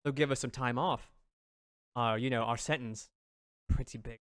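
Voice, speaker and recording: A man voicing a condescending human woman who lies badly and slowly on purpose. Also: mid-range voice, steady tone, a bit bright, clear, resonant tone, dry recording, studio quality, voice pushed down, lightly acted. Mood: scheming. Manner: slow, deliberately bad lying. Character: human woman prisoner, bad liar, condescending.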